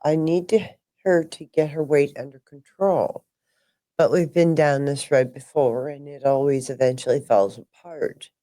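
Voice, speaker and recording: A woman's voice: low voice, dark tone. A woman co-hosting a podcast, reading listener letters aloud and giving brief reactions. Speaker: co-host reading listener questions. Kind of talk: casual podcast chat.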